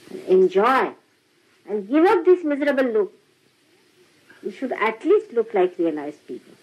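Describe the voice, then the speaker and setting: An older woman speaks to a small gathering of followers with a husky, breathy voice. Her pitch swings widely as she laughs and acts out little exchanges. The old recording sounds dull and lo-fi. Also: sing-song, normal speed, pauses often. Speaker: spiritual teacher. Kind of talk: informal spiritual talk to followers. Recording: dull lo-fi archival tape.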